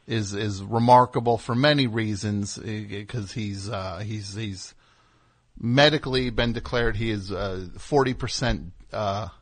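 A man's voice: lowish voice, a little slow. A man hosting a call-in comedy show, rambling and teasing with stammered restarts. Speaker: radio show host. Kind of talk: casual comedic chat.

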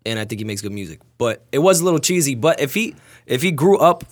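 A man's voice: medium pitch, big pitch swings, quick pace. Easygoing male podcast co-host. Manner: easygoing, reads out news items. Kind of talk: casual chat.

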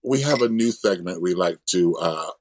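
A man co-hosting a casual podcast chat, easygoing and sassy, often pausing on fillers. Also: deep voice, lively intonation, darkish tone. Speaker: podcast co-host.

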